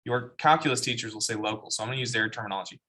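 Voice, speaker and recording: A man's voice: medium pitch, very fast, bright, forceful tone. A man teaching a math class, explaining step by step and asking the students questions. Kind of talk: classroom lecture.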